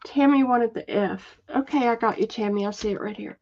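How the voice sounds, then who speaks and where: A woman hosting a casual live sale, chatting slowly and softly with many fillers and reading out viewer comments. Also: fairly high pitch. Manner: chatty, warm-hearted, reads viewer comments aloud; slow, soft-spoken, with frequent fillers. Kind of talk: casual live selling chat. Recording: dull lo-fi livestream audio.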